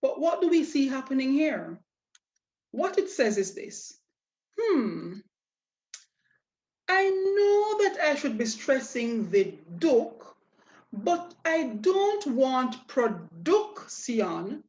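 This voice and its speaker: A woman teaching a language lesson, explaining step by step with patient, drawn-out examples and rhetorical questions. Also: sits high, big pitch swings, a little mellow. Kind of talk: slow, deliberate lesson explanation. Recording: dull, lo-fi audio.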